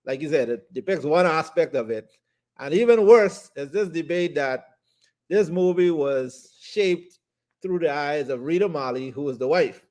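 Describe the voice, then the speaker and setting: A man's voice: fairly high pitch, animated, moderate pace, a little mellow. Easygoing man in casual chat. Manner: easygoing, laughs often, many fillers. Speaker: talk show co-host.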